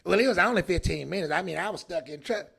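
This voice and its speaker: A man's voice: high-pitched, fast talker, vocal fry, fairly bright tone, husky, heavily acted. A man doing a woman rattling off excuses. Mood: excuse-making. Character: woman making excuses for being late.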